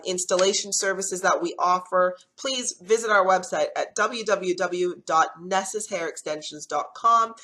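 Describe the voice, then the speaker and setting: A woman hosting a casual hair care tutorial, chatty and reassuring, with lots of fillers and quick self-corrections. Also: mid-range voice. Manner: gentle, reassuring instruction.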